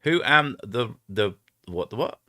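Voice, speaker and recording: A man's voice: fairly low pitch, lively intonation, unhurried, bright, forceful tone. A man with an Edinburgh Scottish accent, hosting a live stream in rambling casual chat, swearing and trying out silly impressions. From Scotland. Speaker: streamer host.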